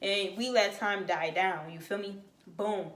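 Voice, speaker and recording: A young woman from Florida telling a casual storytime, slangy and animated, acting out what other people said. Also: mid-range voice, unhurried. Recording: echoey room.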